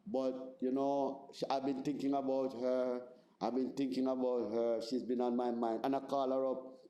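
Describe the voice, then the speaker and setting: Jamaican pastor guy giving a seminar talk, mellow voice, lots of room echo, keeps saying right?. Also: medium pitch, level tone, normal speed, highs cut off. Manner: conversational, repeats words, asks "right?". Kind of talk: seminar teaching. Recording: roomy echoey room.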